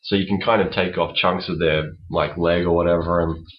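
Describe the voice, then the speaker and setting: A man's voice: low voice, steady tone, fairly quick, slight background noise. An Australian man co-hosting a podcast, laid-back and teasing in casual chat. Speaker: podcast co-host. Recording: dull lo-fi recording.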